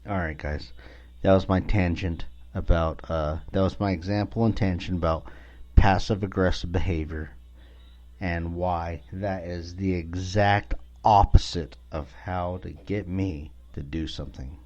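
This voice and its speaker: A man with a very low, dark voice talks through a casual podcast monologue. He is blunt and swears freely, sounding exasperated. The recording is dull and lo-fi. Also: fairly even intonation, a little slow. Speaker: podcast host.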